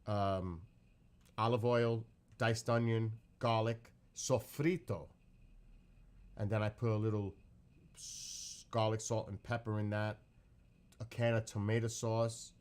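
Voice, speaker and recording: Low-voiced man chatting about food. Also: takes it slowly, long pauses. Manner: excitable, keeps repeating how hungry he is; rambling, self-correcting step-by-step explanation. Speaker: streamer reacting to his own cooking clip. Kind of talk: casual chat and recipe explanation.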